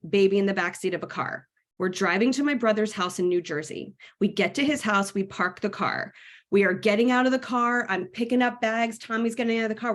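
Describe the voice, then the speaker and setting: A woman in her thirties from New York, a wellness coach who tells a personal story to teach a lesson in a candid, frank way. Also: mid-range voice. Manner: candid and frank, speaks to viewers directly.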